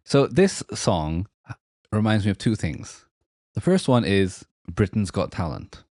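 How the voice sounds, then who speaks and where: A young Welsh man with a Welsh accent, co-hosting a casual music podcast, animated and laughing often. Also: on the low side, measured pace, dry recording, clean studio sound. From Wales. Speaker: podcast co-host. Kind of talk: casual chat about music.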